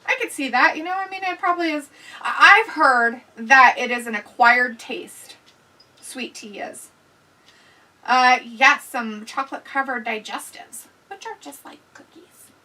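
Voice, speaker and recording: A woman's voice: sits high, measured pace, sharp tone, distant mic, poor audio. A woman hosting a casual live watch-along, chatting, laughing and reading viewer comments aloud. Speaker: livestream host reading chat.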